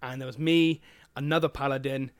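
A man's voice: mid-range voice, fairly quick. A man, chatting casually on a gaming podcast and acting out quotes as he tells stories. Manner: animated storyteller, acts out quotes. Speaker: podcast co-host.

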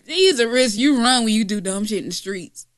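A woman's voice: on the high side, expressive, brisk. A woman co-hosting a podcast in casual chat, blunt and profane, laughing often. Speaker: podcast co-host.

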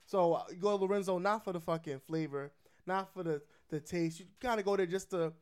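A man's voice: high-pitched, brisk, clear, resonant tone. A man chatting casually about pizza spots, laid-back and profane, laughing often. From Philadelphia.

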